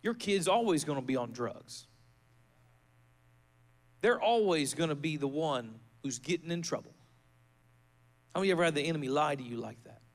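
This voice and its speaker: A male pastor delivering a fervent sermon in a church, building to rousing shouts and leading the congregation in prayer. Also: fairly high pitch, expressive, normal speed, pauses often.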